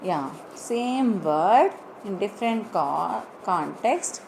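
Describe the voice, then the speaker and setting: A woman teaching words in an online lesson, slowly spelling words out letter by letter. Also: mid-range voice, expressive, vocal fry, darkish tone, a little hiss or hum, low-quality recording. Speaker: English teacher.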